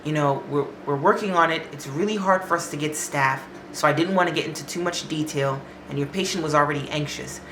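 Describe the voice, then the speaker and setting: A woman's voice: deep voice, brisk, few pauses, fairly bright tone, a little hiss or hum, pitched below the performer's own voice. A woman voicing an evasive woman charge nurse who talks in a hesitant, hedging way, in an echoey room with faint music.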